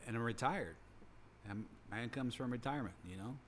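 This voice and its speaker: A retired man working in ministry, sharing a personal reflection in an earnest, measured way. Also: mid-range voice, a little hiss or hum.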